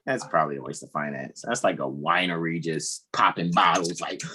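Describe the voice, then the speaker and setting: A man's voice: sits low, brisk, pushed and bright, slight background noise. A man hosting a casual group video call, joking around, laughing often and drifting into rambling asides. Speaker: host.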